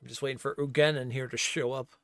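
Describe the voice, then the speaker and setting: A man's voice: medium pitch, fairly even intonation, fast talker, a bit bright, no echo, clean studio sound. A man streaming a role-playing game, chatting casually and thinking aloud as he plays. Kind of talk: casual gameplay commentary.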